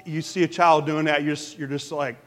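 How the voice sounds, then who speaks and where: A man pastor delivering an animated sermon, asking the congregation questions. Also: on the high side, brisk. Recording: long reverb of a large hall.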